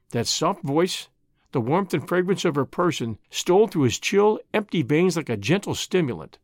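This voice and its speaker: A narrator reads a classic short story in a measured way, the pitch lively and full of movement. The voice is dry and close, with no room sound around it. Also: no echo.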